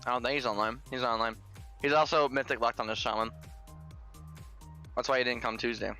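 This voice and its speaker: A man's voice: medium pitch, fairly even intonation, brisk, pushed and bright, faint music behind. A man chatting casually in gaming voice chat, blunt and joking, swearing offhand.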